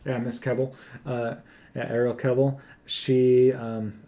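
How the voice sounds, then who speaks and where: A man's voice: medium pitch, flat delivery, unhurried, warm tone. A young man co-hosting a movie review podcast, chatting loosely and jokingly while retelling the plot. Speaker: podcast co-host. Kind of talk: casual movie review chat.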